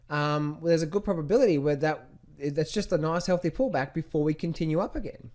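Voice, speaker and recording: A man walks through stock charts in a screen-share lesson, and his voice sits a little high for a man. He keeps asking rhetorical questions and repeats his phrases as he talks. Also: animated, brisk, darkish tone. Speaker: trading coach.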